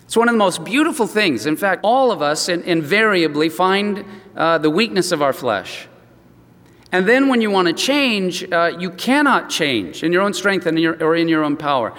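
A man's voice: high-pitched, lively intonation, normal speed, fairly bright tone. A man preaching a sermon as pastor, telling a personal story in an earnest way with frequent restarts. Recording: long reverb from a hall.

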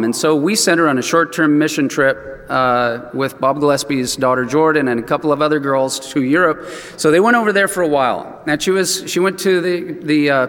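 An older man preaching a sermon, telling a family story in a conversational, animated way and acting out the voices of the people in it. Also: fairly high pitch, in a large hall. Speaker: pastor.

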